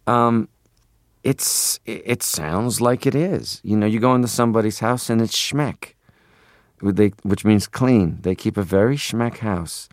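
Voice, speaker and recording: A man's voice: lowish voice, moderate pace, a little mellow, no room sound, clean studio sound. A man in his forties from Canada, a guest in a radio interview, talking playfully and rambling into funny voices.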